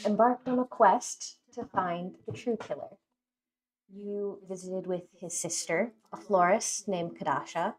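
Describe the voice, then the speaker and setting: A woman game master narrating a recap of the story so far in a measured storytelling manner. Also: medium pitch.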